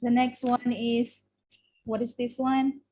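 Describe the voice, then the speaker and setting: A woman's voice: fairly high pitch, flat delivery, slow pace, mellow. A woman with an Indonesian accent teaching English vocabulary in a classroom, having students repeat words after her. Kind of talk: classroom lesson.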